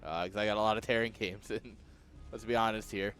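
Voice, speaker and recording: A man casting a strategy game match in a relaxed, jokey play-by-play style, chuckling often. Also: fairly low pitch, fairly quick, faint music behind. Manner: laid-back, chuckling, jokey. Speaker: esports caster. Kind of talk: casual play-by-play commentary.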